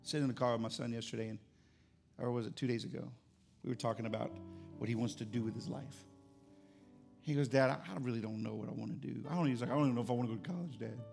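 At a church service, a middle-aged pastor with a gravelly, worn voice preaches fast with fairly even intonation, hammering points through loud, emphatic repetition before dropping low and quiet. Soft instrumental music plays faintly underneath.

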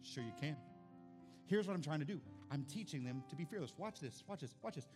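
A pastor, preaching and telling stories in an animated, excited way. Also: male voice, a little high, fast talker, over music. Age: 40s. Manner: animated storytelling, builds to excited shouts. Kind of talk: sermon.

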